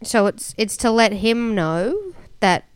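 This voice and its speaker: A woman's voice: fairly high pitch, very animated, slow pace, clear, resonant tone, no echo. A woman co-hosting a podcast, chatting casually and rambling through a TV show recap. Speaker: podcast co-host.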